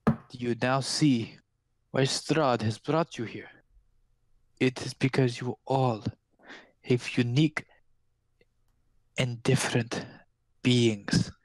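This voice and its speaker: A man voicing an old female fortune-teller, speaking in slow, theatrical, ominous pronouncements. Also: medium pitch, fairly even intonation, no room sound, lightly acted, rough recording. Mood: cryptic.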